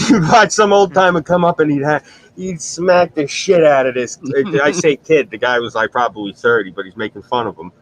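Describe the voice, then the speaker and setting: A middle-aged man, hosting a stream with crude, animated storytelling. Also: a little high, normal speed, rough recording. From New York. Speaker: stream host. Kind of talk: casual profane chat.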